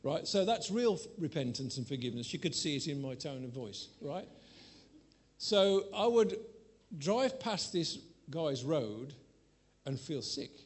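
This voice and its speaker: A preacher with a fairly high voice delivers a sermon to a live congregation. He tells a frank personal story with self-mocking humor, sometimes dropping to a near mutter and sometimes rising to a loud, exaggerated plea. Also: a little slow, husky. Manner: candid, self-mocking storytelling with lively swings in loudness.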